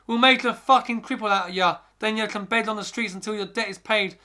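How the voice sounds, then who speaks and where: A man voicing a slimy, threatening mob debt collector who snarls loudly in a horror story reading. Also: high-pitched, fairly even intonation, brisk. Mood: menacing.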